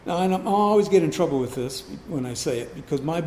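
A male pastor delivers a sermon in a church, his voice fairly high for a man and swinging widely in pitch as he works through his points. He poses rhetorical questions to the congregation and leans on repeated key words. The recording is echoey, with a faint hum of room ambience behind him. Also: lively intonation, fast talker, warm tone.

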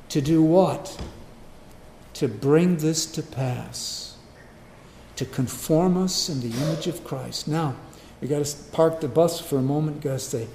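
A man preaching a sermon, emphatic, swinging between loud declarations and quiet low asides. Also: slight background noise. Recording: echoey room with faint ambience.

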